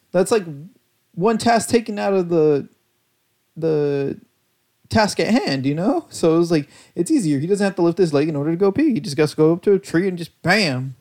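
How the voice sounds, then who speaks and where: A young man talks alone into his podcast mic in a slightly higher-than-average voice, wandering from story to story with constant fillers. He sounds worn out and sluggish, and he pokes fun at himself as he goes. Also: normal speed, pauses often, darkish tone. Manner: rambling, self-mocking, loose storytelling with lots of fillers. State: tired and lethargic. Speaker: podcast host. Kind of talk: casual solo podcast rambling.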